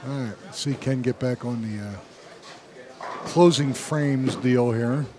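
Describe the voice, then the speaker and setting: A man's voice: medium pitch, takes it slowly. A man giving casual, jokey play-by-play commentary on a bowling broadcast, laughing often. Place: bowling alley. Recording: noisy bowling alley broadcast. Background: bowling alley noise.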